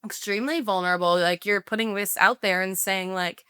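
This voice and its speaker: A woman's voice: medium pitch, fairly even intonation, brisk, few pauses, sharp tone, smooth, no room sound, clean studio sound. A woman guest on a podcast, talking casually and chattily about her design work, with lots of "like" fillers.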